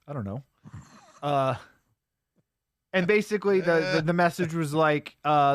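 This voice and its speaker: A man's voice: on the high side, moderate pace, long pauses, dry recording, studio quality. A man co-hosting a casual podcast, animatedly retelling a bad movie with frequent laughs and "uh" fillers. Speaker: podcast co-host. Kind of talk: casual movie-riffing chat.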